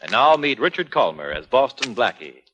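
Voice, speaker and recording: A man announcing in a dramatic, declaiming style of 1940s radio. His pitch rises and falls widely. Music plays clearly behind him on a muffled old recording. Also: very animated, normal speed.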